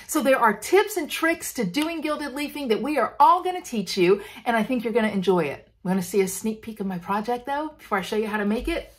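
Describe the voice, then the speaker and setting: A woman hosting a casual craft demonstration, playful and bubbly with self-deprecating jokes. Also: on the high side. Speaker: craft tutorial host.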